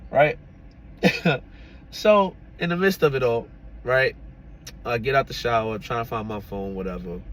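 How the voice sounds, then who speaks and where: A man recounting his own story to viewers in a loose, conversational way. He talks in a chatty, easygoing manner with frequent laughs, and keeps tagging his sentences with "you know what I'm saying". His voice sits at a medium pitch. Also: unhurried, long pauses. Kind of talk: casual storytime.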